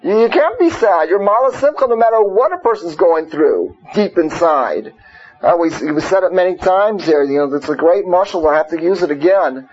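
A man with a high, darkish voice and lively intonation teaches an informal Torah class at a normal pace, speaking conversationally with rhetorical questions and Hebrew and Yiddish terms. The recording is muffled and lo-fi, with slight background noise.

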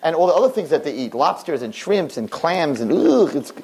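Older male rabbi, husky and a touch high-pitched, animated storyteller for a sermon. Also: fairly quick. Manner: animated, jumps into high excited voices.

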